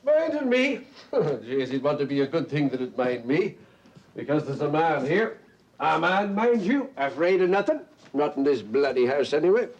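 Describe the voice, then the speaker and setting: An actor playing a drunk, boastful middle-aged Orangeman tenant, swaggering and loud. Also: fairly high pitch, sing-song, normal speed, muffled recording. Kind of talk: stage play acting.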